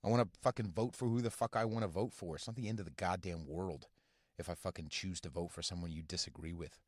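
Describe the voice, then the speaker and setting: A man hosting a podcast from inside his car, ranting casually and profanely in a halting, rambling way full of fillers. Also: sits low, no room sound, studio quality. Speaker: podcast host. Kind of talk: casual rant.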